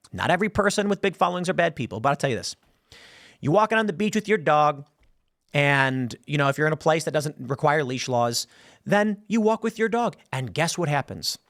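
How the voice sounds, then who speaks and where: Animated man hosting commentary. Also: fairly high pitch, dry recording, clean studio sound. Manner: animated, acts out quoted voices, frequent restarts. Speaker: commentary show host. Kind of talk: casual commentary monologue.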